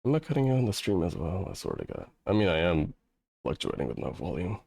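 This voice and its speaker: A man narrating as game master over an online voice call, with a halting, filler-heavy way of talking. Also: low voice, huge pitch swings, creaky, darkish tone, dry recording, studio quality. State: audio cutting out.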